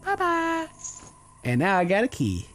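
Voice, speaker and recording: Hosting a gaming video, a young man with a high-sitting voice talks at normal speed and comments casually. He's animated and playful, reading the game's lines aloud in silly voices.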